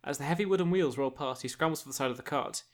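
Reading a gamebook aloud for friends, a man serves as game master in casual narration. He speaks quickly in a mid-range voice, keeping a steady reading pace while tossing in asides and laughter.

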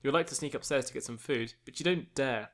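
A mid-range, fast-talking man narrates a gamebook for friends in his role as game master. It's casual: he reads at an even pace and slips in laughing asides.

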